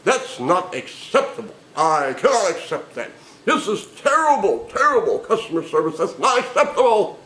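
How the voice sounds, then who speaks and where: A man's voice: mid-range voice, very animated, fast talker, few pauses, fairly bright tone, reverberant, a little hiss or hum, rough recording. A man voicing an entitled male customer who complains indignantly on the phone. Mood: outraged.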